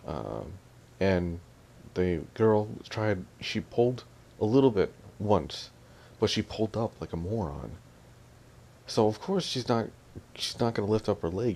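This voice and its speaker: A young man with a very low, gravelly voice rants into his audio vlog, irritated and sarcastic. He imitates his family in quoted lines. Faint hiss sits behind him. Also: darkish tone. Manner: annoyed, ranting, mimics family in quotes. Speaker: vlogger.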